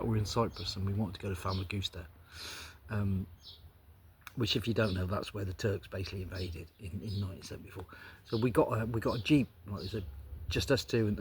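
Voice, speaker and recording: Animated male comedian. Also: lowish voice, a little hiss or hum. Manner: animated storytelling, repeats words, acts out other people's lines. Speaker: stand-up comedian. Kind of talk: stand-up comedy storytelling.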